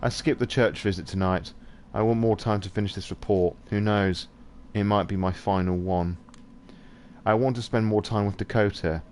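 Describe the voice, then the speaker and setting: Male host, game read-through, wry, profane, lowish voice, faint hiss. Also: steady tone, normal speed, a little mellow. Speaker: podcast host reading a visual novel aloud. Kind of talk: casual live-stream read-through.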